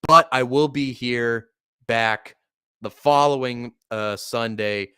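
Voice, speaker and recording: A man hosting a live fan play-by-play stream, calling the game casually and swearing freely, with big jumps in excitement. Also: mid-range voice, slow pace, smooth. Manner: excitable, profane, shouting when upset. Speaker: sports podcast host.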